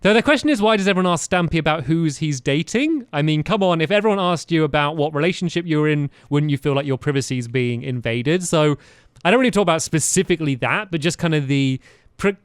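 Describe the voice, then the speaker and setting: A man's voice: a little high, clear, resonant tone, dry recording, clean studio sound. A man co-hosting a podcast, chatting casually with hesitant restarts. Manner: hesitant, laughs often, lively. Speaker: podcast co-host. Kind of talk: casual chat. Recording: faint music behind.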